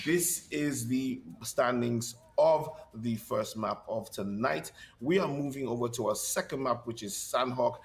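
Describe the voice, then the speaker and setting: Gravelly-voiced upbeat esports caster man. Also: medium pitch. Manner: energetic, upbeat, laughs easily. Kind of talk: esports broadcast commentary.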